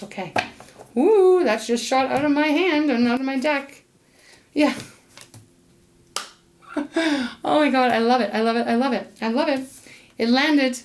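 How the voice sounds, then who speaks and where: Woman tarot reader, casual and excitable, chats to the cards and spirit, frequent laughs and coughs. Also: a little high, a little hiss or hum. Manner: chatty and enthusiastic, talks to spirit aloud, laughs often. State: occasional coughing. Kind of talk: casual tarot card reading to camera.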